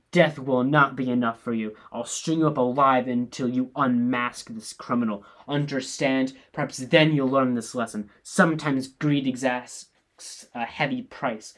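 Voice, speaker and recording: A blustering, wrathful king barks orders in a raised, commanding voice, read by a man. The tone is hard and accusing, pitched in a middle register. It sounds like a stage play read aloud. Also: natural voice. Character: blustering angry male king.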